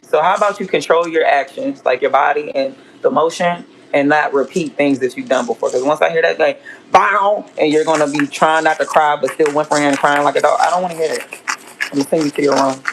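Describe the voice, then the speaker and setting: A woman with a gravelly, creaky edge to her voice chats casually on a livestream while she cooks. She is blunt and profane and rambles from one point to the next. A faint hiss sits under her voice. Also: low voice, fairly even intonation, fast talker, low-quality recording. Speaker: home cook and food vlogger.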